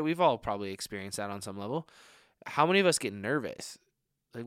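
A man's voice: on the low side, lively intonation, brisk, a bit bright, clean tone, no room sound, clean studio sound. A young adult man preaching a conversational sermon as a young adults pastor, earnest and full of rhetorical questions, often saying "like". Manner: frequent filler "like".

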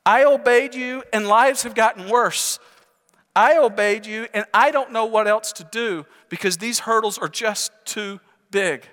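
Man playing a frustrated prophet: exasperated pleading, bright tone, reverberant hall. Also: high-pitched, measured pace, voice pushed up. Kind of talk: sermon storytelling. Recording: long reverb in large hall.

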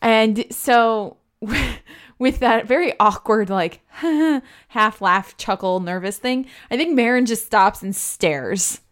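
Woman player in a tabletop game, thinking out loud about her character. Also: a little high, takes it slowly.

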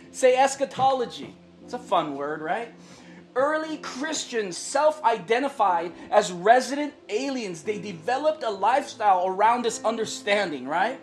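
Woman pastor preaching, fairly high voice, keeps asking "right?", soft music under her. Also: animated, moderate pace. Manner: earnest preaching, often asks the congregation "right?"; repeats phrases for emphasis. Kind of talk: sermon.

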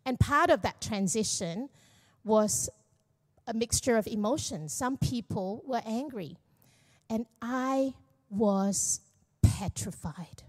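A woman's voice: on the high side, lively intonation, takes it slowly, darkish tone. A middle-aged woman pastor giving a candid, self-deprecating personal testimony at church, with jokes mixed in. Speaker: young adults pastor.

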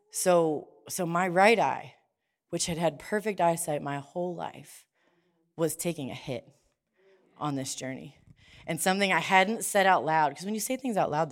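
A woman preaching, her voice sitting a little low for a woman. She tells a personal story in a chatty, conversational way, often restarting her sentences. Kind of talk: sermon.

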